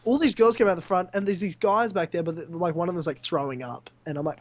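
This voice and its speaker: A young Australian man telling a lively story on a casual podcast, laughing often. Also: high-pitched, quick pace, few pauses. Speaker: podcast co-host.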